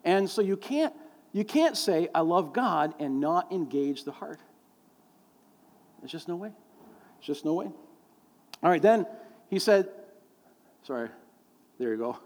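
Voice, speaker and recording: Predicador de voz aguda en una sala con eco. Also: male voice, on the high side, sing-song, a little slow, pauses often, darkish tone. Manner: folksy storytelling with many fillers, acting out quoted voices. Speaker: pastor. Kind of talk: sermon. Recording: long hall reverb.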